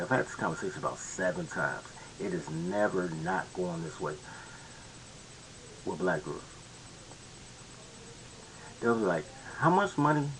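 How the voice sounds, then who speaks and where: A man's voice: sits low, fairly bright tone, a little hiss or hum, poor audio. A man hosting a casual commentary monologue, rambling and slangy with many restarts. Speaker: commentary host.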